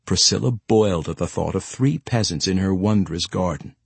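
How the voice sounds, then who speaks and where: A man reading fantasy fiction aloud in a measured, expressive storytelling manner. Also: low voice, vocal fry, husky, no echo. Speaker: audiobook narrator. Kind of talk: scripted fantasy narration.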